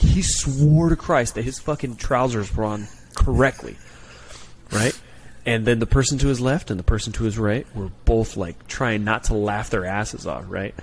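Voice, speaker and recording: A man trades stories as a guest on a podcast, loose and profane, his voice sitting at an ordinary middle pitch. He keeps checking in with his listeners as he talks, and a faint hiss of noise runs under him. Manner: profane, animated storyteller, peppers talk with "right?". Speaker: guest, Marine gunnery sergeant and former recruiter. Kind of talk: casual podcast storytelling.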